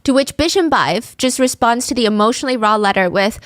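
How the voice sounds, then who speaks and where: A woman's voice: fairly high pitch, brisk, hardly any pauses, a bit bright, dry recording, studio quality. A woman podcast host narrating a true crime story in a vivid, conversational way.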